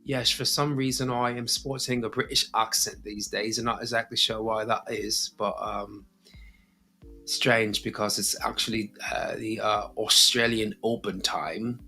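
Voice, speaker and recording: Slow, playful man hosting a livestream. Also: fairly low pitch, steady tone, pushed and bright, faint music behind. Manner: playful, theatrical, drawn-out delivery. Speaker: host of a compost channel livestream. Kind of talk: casual livestream talk.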